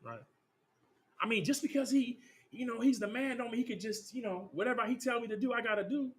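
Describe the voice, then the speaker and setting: A man leading a scripture class, teaching with streetwise banter and rapid rhetorical questions. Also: very high voice.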